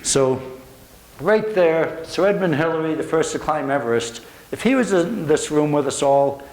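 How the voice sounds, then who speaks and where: A man's voice: fairly high pitch, expressive, normal speed, a little mellow. A middle-aged American man giving a motivational speech to a room, telling stories earnestly with emphatic repetition. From United States. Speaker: motivational speaker. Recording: echoey room.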